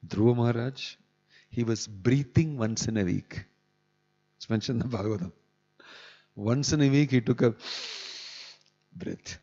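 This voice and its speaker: A man's voice: mid-range voice, unhurried, long pauses, dark tone. A man giving a scripture class in a temple, talking conversationally with chuckling asides. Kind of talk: sermon. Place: temple hall. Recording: dull echoey hall recording.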